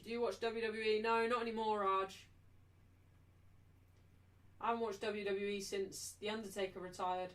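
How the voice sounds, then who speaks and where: A woman hosting a live match watchalong, chatting casually and slipping into high baby talk with her dog. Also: level tone, normal speed, pauses often. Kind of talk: casual live commentary and chat. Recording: voice a little distant from the mic.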